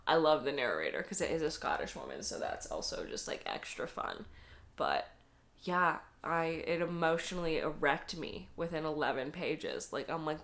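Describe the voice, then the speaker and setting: A woman's voice: deep voice, big pitch swings, normal speed, a bit bright. A young woman chatting casually in a book vlog, emotional and teary, with frequent laughs and swearing. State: teary, close to crying. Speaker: book vlogger.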